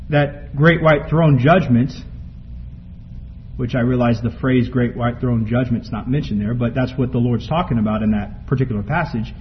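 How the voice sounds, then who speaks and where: A man preaching a sermon from scripture, building to emphatic peaks and then dropping low and quiet. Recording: muffled lo-fi recording with faint background noise.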